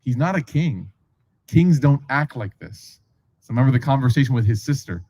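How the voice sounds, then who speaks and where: Here a man with a medium-pitched, slightly rough voice speaks at normal speed, captured on a low-quality recording. As a preacher, he animatedly recounts a religious story in casual lecture form, voicing the people in it and adding many asides.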